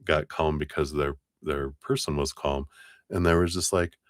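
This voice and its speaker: A man's voice: a bass voice, steady tone, normal speed, dry recording, clean studio sound. A man giving a casual live tarot reading, chatting, storytelling and laughing often. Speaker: tarot reader on a live stream.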